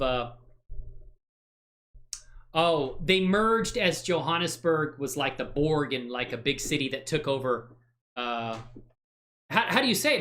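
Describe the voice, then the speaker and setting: A man hosting a software livestream, chatting casually and thinking aloud while he works, rambling and joking at his own expense with frequent laughs. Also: on the high side. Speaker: livestream host.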